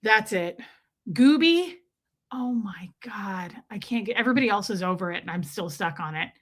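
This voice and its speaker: A woman's voice: fairly low pitch, quick pace, a bit bright. A woman hosting a casual livestream, chatting playfully and reading viewers' names aloud. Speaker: livestream host. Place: countryside home.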